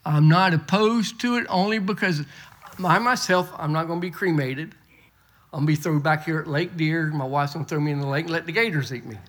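A man's voice: on the high side, fairly quick, a bit bright. A middle-aged man preaching a folksy sermon, often repeating and restarting words. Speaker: pastor. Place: church.

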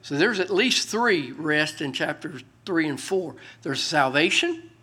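A man preaching a sermon as pastor, reading scripture aloud loudly and dropping to quiet, folksy asides. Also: a little high, animated, unhurried, breathy edge.

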